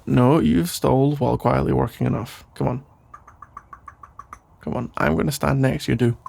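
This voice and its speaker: A man voicing a caring boyfriend who rambles playfully in a soft sleepy voice, in a whispered role-play. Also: medium pitch, fairly even intonation, normal speed, gravelly, a little hiss or hum. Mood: teasing. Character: caring, rambling boyfriend putting partner to bed. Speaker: ASMR role-play creator.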